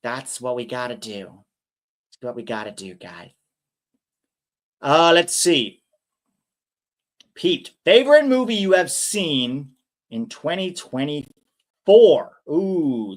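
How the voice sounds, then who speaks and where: A young man hosting a casual live watch-along stream, chatting and reading viewer comments aloud. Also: fairly high pitch.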